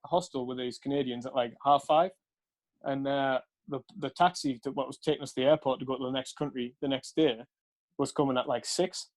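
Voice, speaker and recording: A man's voice: medium pitch, fairly even intonation, a little fast. A young man, casually telling a rambling night-out story, laughing and swearing between fillers. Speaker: podcast co-host.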